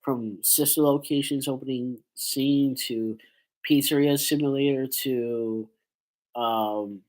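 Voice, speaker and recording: A man's voice: medium pitch, rough recording. A man with a stuffy nose from a cold, chatting in a rambling casual commentary vlog with lots of fillers. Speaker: YouTuber.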